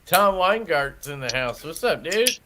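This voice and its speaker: A man's voice: a little high, expressive, measured pace, crowd noise. A man hosting a casual group video-call stream, laid-back and joking as he calls on guests in turn. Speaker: livestream host.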